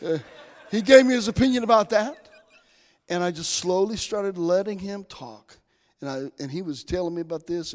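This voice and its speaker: A male preacher with a high voice delivers a sermon filled with personal stories in a folksy style, swinging from soft to loud. He's in a church sanctuary, and the recording carries a long hall reverb.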